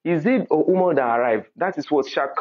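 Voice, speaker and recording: A man's voice: a little high, expressive, brisk. A man teaching Arabic grammar in a class lecture, often checking understanding with "do you get?" and quizzing the class with "what?". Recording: tinny phone-like audio.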